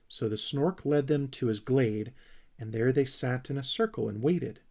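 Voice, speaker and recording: A man narrating a children's storybook in a gentle, expressive way. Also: mid-range voice, normal speed, gravelly. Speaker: audiobook reader.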